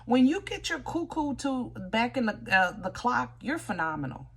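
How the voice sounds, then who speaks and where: A woman's voice: fairly high pitch, very animated, moderate pace, vocal fry, husky. A woman giving a casual tarot reading to viewers, chatty and direct, often teasing with "you know?" and "okay?". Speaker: tarot reader.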